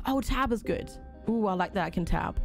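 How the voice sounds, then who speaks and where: A woman's voice: medium pitch, lively intonation, brisk, vocal fry, soft background music. A woman casually commenting on a game during a live stream, reading on-screen tutorial text aloud and chatting with and thanking viewers.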